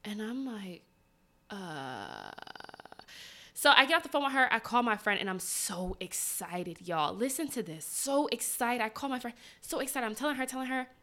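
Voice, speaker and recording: A woman hosting a podcast, casually telling a personal story in an animated, dramatic way and speaking directly to her listeners. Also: on the high side, fairly quick, few pauses. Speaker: podcast host.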